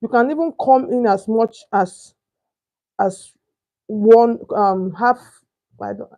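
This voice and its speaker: A young Nigerian woman, a sewing instructor, walks viewers through pattern cutting step by step in a slightly high, slow voice with a dark tone and lo-fi sound. She's chatty, keeps asking "can you see?" and often hunts for the right word.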